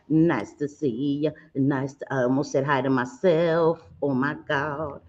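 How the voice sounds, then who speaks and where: A woman's voice: deep voice, steady tone, a little slow, hardly any pauses, a little mellow, highs cut off. Bubbly woman greeting her chat. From Puerto Rico. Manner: bubbly, greets viewers with pet names. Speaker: livestream host. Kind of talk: casual livestream chat.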